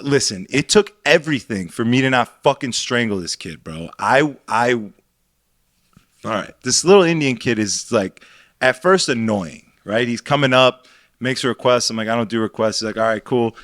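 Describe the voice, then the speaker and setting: A man's voice: mid-range voice, expressive, normal speed, fairly bright tone, no echo, clean studio sound. Profane young man telling a club story. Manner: profane, rambling, heated. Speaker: podcast co-host and DJ. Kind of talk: crude casual storytelling.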